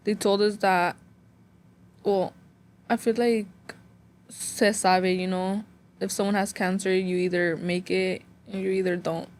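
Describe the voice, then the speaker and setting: A woman's voice: mid-range voice, little pitch movement, measured pace, long pauses, a little hiss or hum. Young woman telling a painful story. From Phoenix, US. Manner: rambling, full of "like" fillers; emotional, close to tears. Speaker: guest. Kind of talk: casual personal storytelling.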